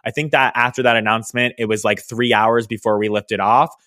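A young man hosting a podcast, telling a story in a casual, animated way with lots of fillers. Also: mid-range voice, fairly quick, no room sound, studio quality. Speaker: podcast host, hairstylist business educator.

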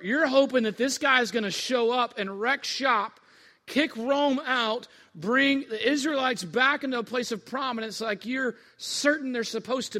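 A man's voice: extremely high pitch, sharp tone, in a large hall. A male pastor giving a sermon, telling a story in a casual, conversational way and talking straight to the listeners.

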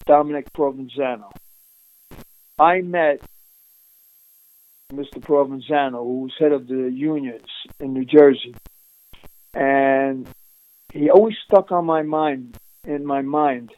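A man being interviewed, telling an animated, streetwise story with frequent laughs and restarts. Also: fairly high pitch, takes it slowly, long pauses, no room sound, poor audio. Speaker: interviewee recounting undercover work.

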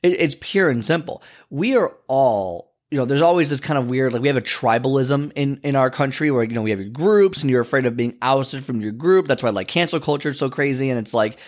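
A man's voice: medium pitch, lively intonation, fairly quick, few pauses. A man hosting a fitness podcast, giving a casual motivational talk full of fillers and restarts. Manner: conversational, many fillers and restarts.

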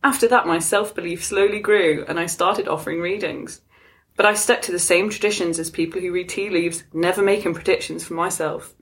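A woman's voice: lowish voice, fairly quick, a bit bright. A woman co-hosting a chat show, reading an article aloud and often breaking into laughter. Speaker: podcast co-host.

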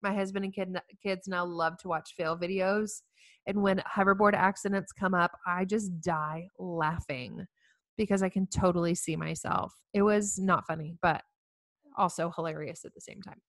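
A woman, giving a heartfelt inspirational talk to women, telling stories with earnest warmth and self-mocking humor. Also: fairly low pitch, fairly even intonation, moderate pace, no echo. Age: 40s. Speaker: speaker addressing women facing infertility.

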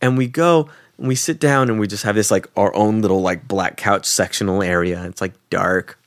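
A man's voice: normal speed, no echo, clean studio sound. A young man co-hosting a podcast, telling a travel story casually and acting out the people in it with sudden jumps in his voice. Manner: animated, acts out quoted people with jumps in pitch; swears casually, fillers like "like". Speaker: podcast co-host.

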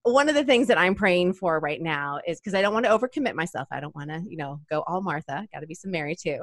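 A woman's voice: lowish voice, lively intonation, fast talker, no echo. A middle-aged woman, a mom and podcast guest, chatting casually with frequent laughs and self-deprecating jokes. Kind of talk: casual interview chat.

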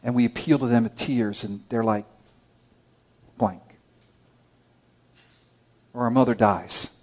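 A male pastor preaching a sermon, moving between loud, emphatic declarations and hushed, low asides. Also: fairly even intonation, slow.

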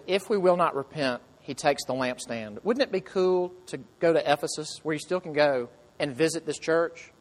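A man preaching a sermon to his congregation, earnest, asking the listeners question after question and dropping to soft, quiet lines. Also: a little high. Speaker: pastor.

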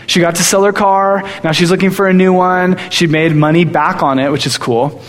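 A young man preaching a sermon, telling stories in an animated way. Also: high-pitched, moderate pace. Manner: storytelling, animated. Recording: long hall reverb.

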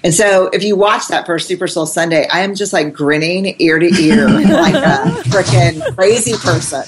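A woman guest, a researcher and academic, telling lively anecdotes in casual conversation, quoting others and laughing often. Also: lowish voice, moderate pace, heavy background noise.

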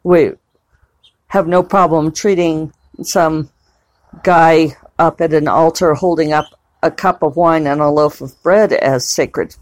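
Speaking slowly in a low-pitched voice with fairly even intonation, a woman novelist chats at home in a casual vlog. She wanders off on tangents and uses lots of fillers; the recording is dry.

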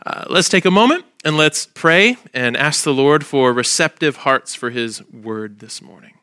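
A male pastor preaching a sermon, his voice nasal and stuffy from allergies, pausing often with fillers. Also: a little high, expressive, bright, forceful tone, smooth, no echo, clean studio sound. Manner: halting, with frequent "uh" fillers.

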